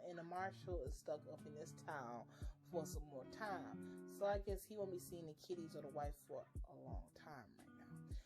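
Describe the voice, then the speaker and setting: A young woman giving a casual, blunt and profanity-filled recap and reaction to a TV episode. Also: medium pitch. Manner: profane, blunt and animated, with frequent swearing. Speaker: TV episode reviewer.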